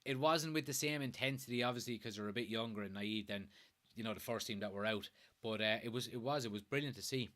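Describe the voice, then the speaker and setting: A man's voice: lowish voice, fast talker, a bit bright. A man in his late twenties with an Irish accent from Kilkenny, hosting a fan live stream, reading viewer comments in a chatty way and swearing casually. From Ireland.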